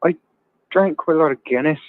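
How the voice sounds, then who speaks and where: A man's voice: on the high side, fairly quick, no echo. A man hosting a casual call-in livestream, joking and telling rambling bawdy stories. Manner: jokey, tells rambling bawdy anecdotes with laughs. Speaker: livestream host. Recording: tinny phone-like sound.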